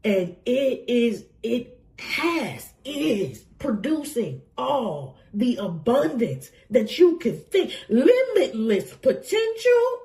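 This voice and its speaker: A woman's voice: a little high, big pitch swings, slow pace, darkish tone. A woman getting over a cold, giving an emotional, effusive tarot reading to camera and laughing often. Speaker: tarot reader.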